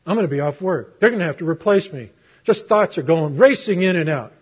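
Husky middle-aged male preacher. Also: on the high side, animated, a little fast. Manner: conversational storytelling with rhetorical questions. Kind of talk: sermon with personal testimony. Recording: muffled lo-fi recording.

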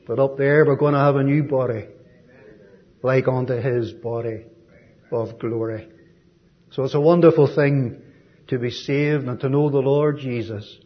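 An Irish man giving a sermon as a visiting preacher, gentle and folksy, with frequent ums and asides. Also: mid-range voice, lo-fi sound. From Ireland.

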